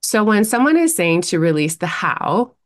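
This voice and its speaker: Female podcast host and coach, lowish voice, congested from a cold, upbeat and encouraging. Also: sing-song, normal speed. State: congested, stuffy nose after flu. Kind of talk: scripted intro, then casual solo podcast talk.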